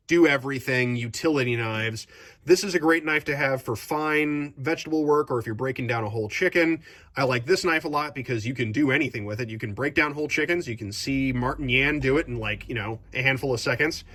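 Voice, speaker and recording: Enthusiastic young man reviewing kitchen knives. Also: medium pitch. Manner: enthusiastic, animated, jokey asides. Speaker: vlog host. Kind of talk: casual product review.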